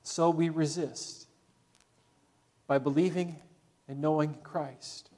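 Earnest higher-voiced male preacher. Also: fairly even intonation, slow. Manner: earnest, urging, dropping soft on solemn points. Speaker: pastor. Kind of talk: sermon.

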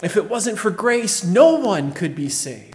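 A man preaching a sermon as pastor, emphatic, swinging from loud declarations to quiet, low phrases. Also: sing-song, a little slow, big-room sound.

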